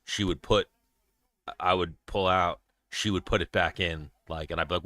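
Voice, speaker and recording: A man's voice: low-pitched, steady tone, moderate pace, bright, forceful tone, dry recording. A young adult man hosting a casual livestream chat, talking bluntly and profanely in a rambling way. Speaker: show host.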